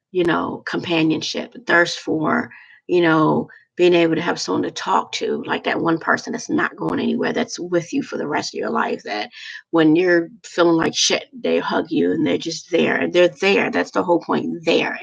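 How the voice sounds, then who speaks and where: Woman, casual vlog monologue, halting and rambling, very gravelly, breathy. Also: lowish voice, muffled recording. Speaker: vlogger.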